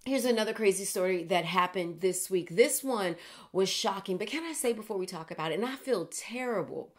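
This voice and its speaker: A middle-aged woman hosts a news show in a loose, chatty way. She drifts into animated asides and laughs at herself between stories. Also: medium pitch, fairly quick. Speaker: host. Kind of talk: casual news commentary.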